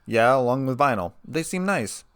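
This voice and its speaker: Cocky young human hero in a fan story reading, dry and sarcastic, in the reader's own voice. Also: male voice, mid-range voice, expressive, normal speed, clean tone, no room sound, natural voice. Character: laid-back, cocky young human man.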